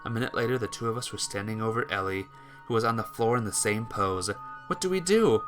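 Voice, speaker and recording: A man reading a visual novel aloud in a let's play, with lively delivery and occasional stumbles and restarts. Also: lowish voice, fast talker, music in the background.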